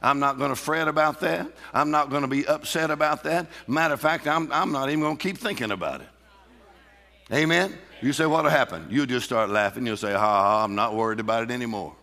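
A man's voice: mid-range voice, fairly quick, gravelly, pushed and bright. A man preaching a sermon in a church, emphatic and laughing often as he calls out to the congregation. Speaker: pastor. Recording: reverberant hall.

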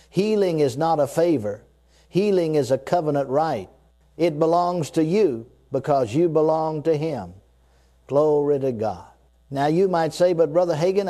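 A man's voice: on the high side, warm tone. A man preaching a sermon, emphatic and repetitive, leading his listeners to repeat lines after him. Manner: emphatic, repetitive, leads the listeners in spoken confessions.

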